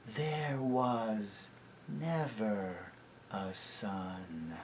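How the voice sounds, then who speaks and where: A man voicing a scheming witch queen in a soft cooing half-whisper, in a storybook reading. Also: on the high side, very animated, slow, slight background noise, voice pushed up, full character voice. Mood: hypnotic.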